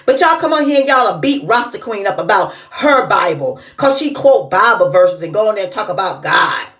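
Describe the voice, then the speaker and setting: A woman's voice: mid-range voice, big pitch swings, normal speed, a bit bright. A woman giving casual reaction commentary, indignant and scolding in her delivery. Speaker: commentary vlogger.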